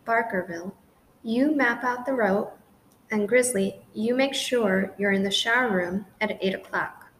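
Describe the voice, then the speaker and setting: A cool, confident puppy leader hands out orders to his pack in a storybook tale, read by a woman. The voice is fairly high, with soft room ambience underneath. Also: slight background noise, poor audio. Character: brave, cool-headed male puppy leader.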